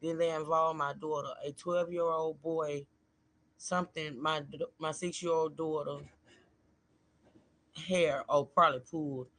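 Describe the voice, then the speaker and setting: A man with a bright, forceful voice sitting a little high for a man. He talks straight to his viewers in a loose, chatty way on a casual livestream and reads a post aloud. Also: fairly even intonation, unhurried, no room sound. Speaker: livestream host. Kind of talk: casual live commentary, reading a post aloud.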